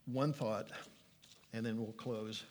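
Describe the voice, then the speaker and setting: A man's voice: on the low side, fairly even intonation, takes it slowly, a little mellow, slight background noise. An older man preaching a sermon, earnest and pleading, reading scripture aloud with emphasis. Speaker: pastor.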